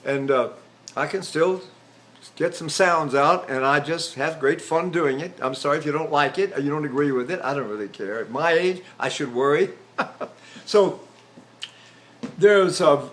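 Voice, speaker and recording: A man's voice: on the high side, moderate pace, fairly bright tone. A man in his eighties, a voice teacher, giving a chatty lecture on vocal technique and breaking into sung examples. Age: 80s.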